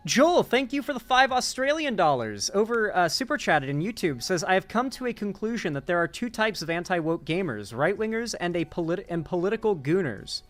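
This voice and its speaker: A man's voice: high-pitched, sing-song, a little fast, hardly any pauses, fairly bright tone, faint music behind. A young man hosting a live stream, chatting casually and sleepily with his chat and reading out donations as he wraps up. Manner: laid-back, rambling, thanks chat and reads donations aloud. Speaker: political commentary streamer.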